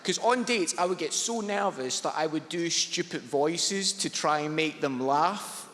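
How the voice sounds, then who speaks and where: High-voiced comedian, slow. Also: male voice, animated, in a large hall. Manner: self-mocking storytelling. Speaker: stand-up comedian. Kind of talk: stand-up comedy. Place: large theatre stage. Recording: live theatre with loud audience.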